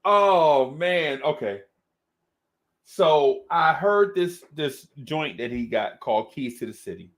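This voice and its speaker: A man's voice: on the high side, animated, slow. Rambling, slangy male host. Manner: rambling, slangy, full of restarts. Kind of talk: casual chat.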